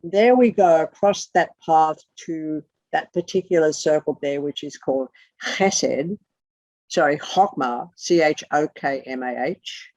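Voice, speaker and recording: On a video call, a teacher with a medium-pitched, slightly mellow voice teaches online and pauses to spell terms letter by letter. The talk is blunt and occasionally profane. The audio is lo-fi and muffled, dry, close, and echo-free.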